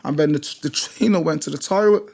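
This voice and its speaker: A man's voice: on the high side, fairly quick, gravelly, darkish tone. A British man who works as a gym instructor, telling stories in an emphatic, blunt way, repeating phrases for force. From Britain. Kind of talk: passionate storytelling in conversation.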